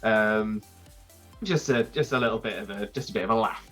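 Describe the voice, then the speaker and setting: A man, a podcast guest telling a rambling, animated story with many restarts. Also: on the low side, normal speed, soft background music. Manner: animated, acts out crowd voices. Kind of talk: casual storytelling.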